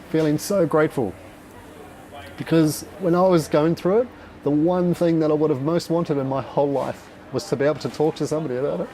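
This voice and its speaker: A middle-aged man with an Australian accent, giving a raw, candid personal talk at a dinner event, swearing often and pausing with fillers. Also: a little high, mellow, low-quality recording.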